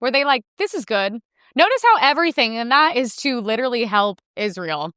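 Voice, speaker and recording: A woman hosting a podcast, ranting in heated, fast commentary and clipping her swear words short, with a sore throat. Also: fairly high pitch, big pitch swings, sharp tone, smooth, no echo, clean studio sound. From United States. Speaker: podcast host.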